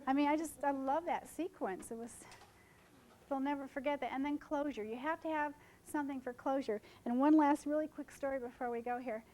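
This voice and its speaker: A woman's voice: high voice, a little fast. A woman wedding photographer giving a seminar talk to fellow photographers, telling stories animatedly and acting out the people in them. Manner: animated storyteller who acts out quoted people. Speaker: wedding photographer presenting to colleagues. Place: seminar room.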